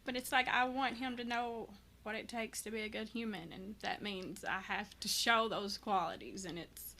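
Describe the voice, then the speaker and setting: A woman's voice: medium pitch, steady tone, moderate pace, vocal fry, sharp tone. A woman in her thirties, a guest, talking candidly and earnestly about parenting, with many false starts and restarts. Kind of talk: candid personal conversation.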